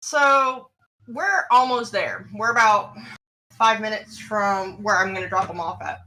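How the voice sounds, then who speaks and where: A woman co-hosting a podcast, telling a story in a casual, animated way full of restarts. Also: mid-range voice, unhurried, rough recording. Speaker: podcast co-host.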